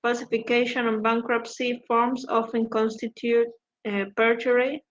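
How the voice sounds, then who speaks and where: A woman's voice: fairly high pitch, little pitch movement, normal speed. Woman student reading aloud on a call. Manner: careful reading, stumbles and self-corrects. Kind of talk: reading a text aloud in class. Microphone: video call. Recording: muffled call audio with faint noise.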